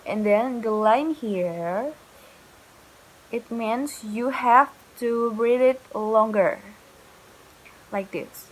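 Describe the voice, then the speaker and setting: A young woman teaching English pronunciation, modeling each word slowly for students to repeat. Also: a little high, poor audio. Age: young adult. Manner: slow, drawn-out model words for students to repeat. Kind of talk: recorded pronunciation lesson.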